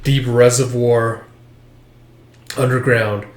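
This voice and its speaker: A man's voice: medium pitch, fairly even intonation, slow. A man casually reading through a comic chapter, rambling and using lots of filler words. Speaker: manga chapter reviewer. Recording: echoey room.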